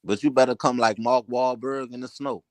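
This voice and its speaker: A man's voice: mid-range voice, flat delivery, moderate pace, a little mellow, dry recording. A man co-hosting a casual online panel, pressing a guest with pointed questions. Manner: challenging, questioning. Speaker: panel co-host.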